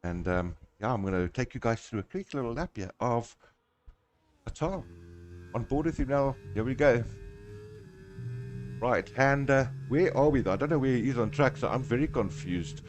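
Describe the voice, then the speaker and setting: A man's voice: mid-range voice, normal speed, pauses often, faint music behind. A man from South Africa with a South African accent, giving chatty live commentary on a sim race, talking through each turn and laughing often.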